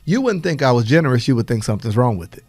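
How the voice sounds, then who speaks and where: Energetic preacherly podcast host, man. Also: mid-range voice, very fast, husky, no echo. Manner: energetic, preacherly, laughs often. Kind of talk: motivational business talk.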